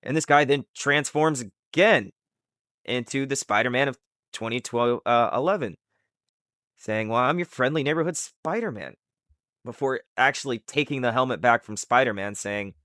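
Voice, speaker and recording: A man's voice: medium pitch, normal speed, pushed and bright, smooth, dry recording. A man with an ordinary mid-range voice walks through a comic's story in a casual chat. He rambles loosely and leans on filler words. The recording is close and dry, with no room sound. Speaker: comic recap host. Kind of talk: casual comic book recap.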